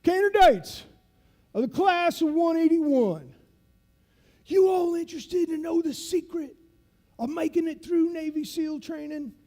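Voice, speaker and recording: Gruff old navy seal instructor, a man putting him on, gravelly, slow drawl, voice up high and loud. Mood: commanding. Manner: slow, drawling, folksy grammar. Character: grizzled older male Navy SEAL instructor, gruff and commanding.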